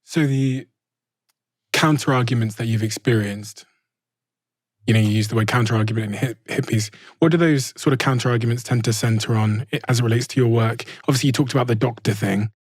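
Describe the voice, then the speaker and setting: A man's voice: medium pitch, brisk, no echo, clean studio sound. A man hosting an interview, asking curious, probing follow-up questions. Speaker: host. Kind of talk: conversational interview.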